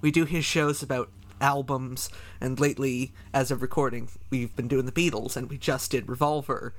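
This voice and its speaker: A man's voice: mid-range voice, fairly even intonation, normal speed. A man hosting a podcast, asking questions in a wry, casual chat. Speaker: podcast host.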